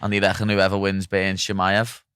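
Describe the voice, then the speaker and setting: Scouse lad on a podcast, lowish voice, smooth and clear, dead dry sound, sweary banter. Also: male voice, monotone, moderate pace, a bit bright, no room sound. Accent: Liverpool. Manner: blunt, sweary, laughing banter. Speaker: podcast host. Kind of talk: casual banter.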